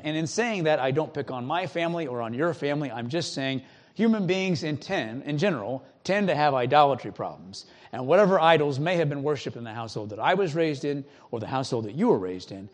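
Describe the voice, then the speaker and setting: A man preaching a sermon as a pastor, speaking in an earnest, conversational way with emphatic pauses. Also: medium pitch.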